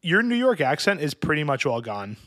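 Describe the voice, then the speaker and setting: A man's voice: on the high side, big pitch swings, normal speed, a bit bright, no echo. A man hosting a casual podcast, rambling and joking with his guests. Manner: goofy, rambling jokester. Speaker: podcast host.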